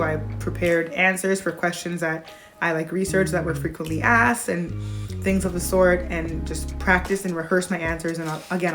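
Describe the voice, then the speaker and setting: Young woman vlogger, lower voice, lively storytelling, faint music underneath. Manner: animated retelling, acts out quoted voices. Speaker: vlogger, new nurse graduate. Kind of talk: casual storytelling to camera.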